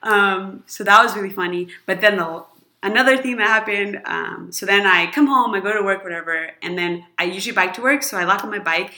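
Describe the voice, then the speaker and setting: Bright-voiced rambling woman in an echoey room. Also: mid-range voice, a little fast. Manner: rambling, filler-heavy storytelling with frequent laughter. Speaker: friend telling a story. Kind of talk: casual chat.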